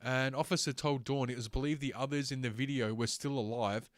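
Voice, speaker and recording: A man's voice: mid-range voice, fairly even intonation, a little fast, no echo, studio quality. A man hosting a solo livestream, ranting sarcastically with heavy swearing and stumbling as he reads text aloud. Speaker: host.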